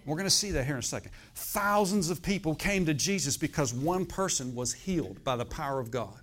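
A man's voice: on the high side, lively intonation, brisk, fairly bright tone. A middle-aged man preaching a sermon in a conversational way, often checking in with "okay?" and "amen?". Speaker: pastor.

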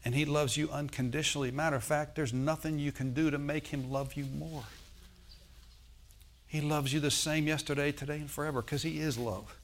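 A man's voice: fairly high pitch, steady tone, a little fast. Man preaching a sermon with sudden swells. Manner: preaching with call-and-response asides; swings from loud emphasis to soft intimate tones. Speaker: pastor.

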